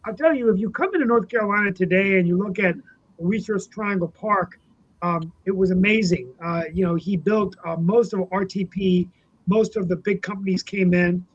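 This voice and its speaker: A man co-hosting a political talk show, reminiscing casually about a late politician, with many pauses and fillers. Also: high voice, slightly rough. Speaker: co-host, city councilman. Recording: dull lo-fi sound.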